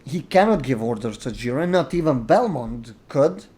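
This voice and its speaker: A man's voice: medium pitch, expressive, moderate pace, darkish tone, slightly rough. Opinionated man arguing his case. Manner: opinionated, explains at length, quotes characters. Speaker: host. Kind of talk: casual discussion.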